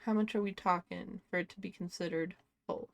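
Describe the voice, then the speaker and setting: A woman making halting, drawn-out comments in casual chat as a co-host. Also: on the low side, steady tone, dry recording.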